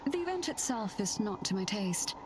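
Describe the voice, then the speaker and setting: A man's voice: high-pitched, big pitch swings, voice pushed up. A man doing a prim, proper lady chaperone. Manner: crisp, proper, measured. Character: prim, formal woman chaperone, loyal friend. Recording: noisy background.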